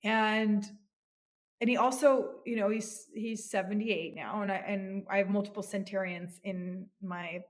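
A woman's voice: medium pitch, steady tone, unhurried. A woman in her thirties, a psychotherapist, speaking earnestly and reflectively as a podcast guest, often restarting her phrases. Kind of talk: podcast interview.

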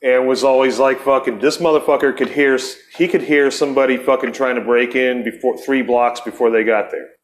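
A middle-aged man tells a long, swearing story as a podcast host. His voice sits at an ordinary pitch for a man. He rambles, stops and starts, and throws in bits of other people's voices as he goes. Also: steady tone, fairly quick, few pauses. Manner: profane, rambling, acts out quoted voices. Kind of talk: casual storytelling chat.

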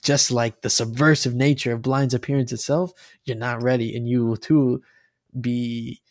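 A podcast co-host rambles casually about a video game, talking animatedly, swearing, and restarting often. His voice is mid-range at a moderate pace, and the recording is dry.

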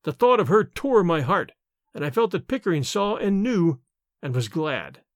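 A man narrating a novel aloud in an expressive storytelling manner. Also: high voice, normal speed, no echo, studio quality. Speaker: audiobook narrator. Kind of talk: scripted narration.

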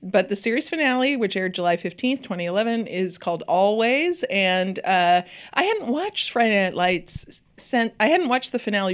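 A woman's voice: mid-range voice, clean tone. A woman co-hosting a casual TV chat, talking effusively with lots of fillers and laughter. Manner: chatty and effusive, many fillers, laughs often. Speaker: podcast co-host.

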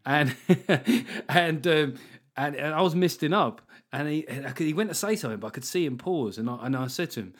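A man's voice: on the high side, animated, fairly quick. Chatty man hosting a podcast. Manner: swears freely, rambling with restarts. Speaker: podcast host. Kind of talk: casual chat.

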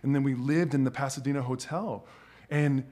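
A man telling a personal story as a podcast guest, animated and swearing freely, with plenty of filler words like "dude" and "like". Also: medium pitch, moderate pace. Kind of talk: casual storytelling.

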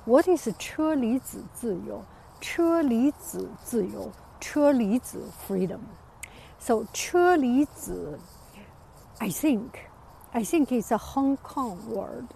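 A woman from China with a Chinese accent, chatting casually on a walk outdoors, hesitant with many pauses and fillers. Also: on the high side, animated, creaky, mellow, slight background noise, low-quality recording. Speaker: vlogger. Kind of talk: casual walking chat.

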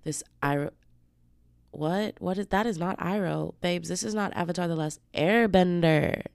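Low, gravelly-voiced sick woman podcaster. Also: normal speed, a little mellow, dry recording, clean studio sound. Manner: chatty, slangy and profane, calls listeners babes. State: sick with flu, congested. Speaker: podcast host. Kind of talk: casual solo podcast chat.

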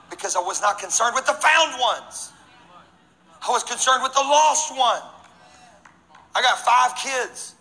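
Energetic male pastor mid-sermon; high, bright voice, jokes and swings from loud to quiet. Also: a little hiss or hum, poor audio. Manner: energetic, jokey, shifts between loud and hushed.

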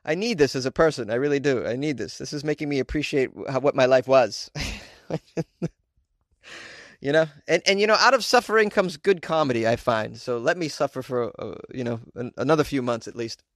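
A man's voice: medium pitch, fairly quick, dry recording, clean studio sound. A man hosting a podcast, talking in a loose, joking, rambling way with frequent laughs and restarts. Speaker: podcast host. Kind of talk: casual podcast monologue.

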